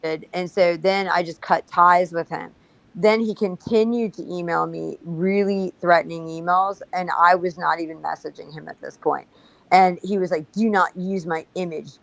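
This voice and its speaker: A woman recounts events in a casual livestream talk, blunt and full of profanity. Her voice is gravelly and sits low, and the sound is dry and close. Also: no echo, low-quality recording. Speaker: guest.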